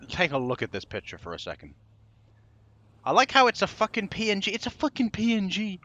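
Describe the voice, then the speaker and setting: A man's voice: fairly high pitch, big pitch swings, a little slow, long pauses, pushed and bright, no echo. A young man giving casual gameplay commentary, sarcastic and exasperated, swearing freely as he plays. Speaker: game commentator.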